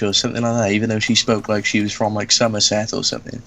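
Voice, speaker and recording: A man's voice: on the low side, quick pace, creaky, hardly any pauses, a little hiss or hum. A young man swearing freely as he tells school stories in a casual chat. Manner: animated, sweary, laughs while telling. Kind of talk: casual storytelling.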